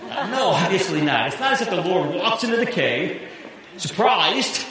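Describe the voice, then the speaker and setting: A man preaching a sermon as pastor, animated and laughing at his own jokes. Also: high-pitched, normal speed. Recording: echoey hall with long reverb, faint hiss.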